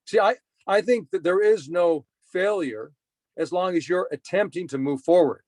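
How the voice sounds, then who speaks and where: A man's voice: high voice, moderate pace, darkish tone, no room sound. A middle-aged man giving a motivational talk, telling a personal story and repeating his main points for emphasis. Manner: earnest, repetitive emphasis. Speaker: motivational speaker.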